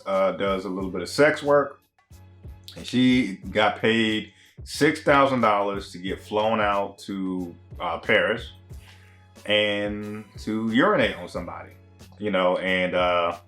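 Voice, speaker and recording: Casting note: a man with a lowish voice doing a loose, slangy TV review, faint music underneath. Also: a bit bright. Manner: rambling and conversational, with many fillers and slang. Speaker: TV show reviewer. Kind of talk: casual recap commentary.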